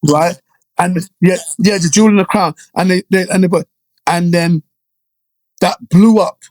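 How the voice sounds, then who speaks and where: In a laid-back interview, a Jamaican-raised guest in middle age tells animated stories at a moderate pace, peppering them with "you know" and "right?". His pitch sits slightly above the typical male range. The sound is close-miked and dry, with no room ambience.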